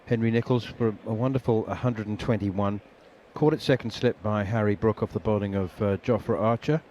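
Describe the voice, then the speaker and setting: A man giving ball-by-ball radio cricket commentary, chatty and quick to laugh, with plenty of ums and uhs. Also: on the low side, steady tone, mellow, muffled recording, slight background noise.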